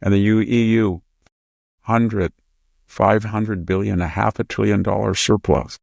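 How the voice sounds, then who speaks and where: Man, host, low pitch, gravelly, emphatic, lecturing, dry sound. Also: flat delivery, measured pace, darkish tone, dry recording. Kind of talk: political commentary chat.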